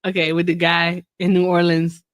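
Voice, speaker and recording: A woman's voice: on the low side, monotone, moderate pace. A woman hosting a casual late-night group chat, laughing often and sounding sleepy and playful. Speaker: host.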